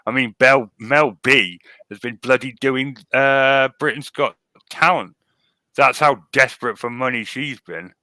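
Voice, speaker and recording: A man's voice: medium pitch, unhurried, bright, forceful tone, dry recording. A man co-hosting a podcast, talking in a dry, matter-of-fact way. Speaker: podcast co-host. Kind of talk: casual podcast chat.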